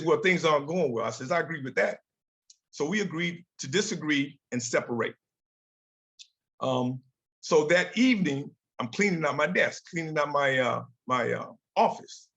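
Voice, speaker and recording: A man's voice: a little high, a bit bright. Older man telling leadership stories. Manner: storytelling, acts out quoted dialogue. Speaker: guest speaker. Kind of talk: motivational talk with slides.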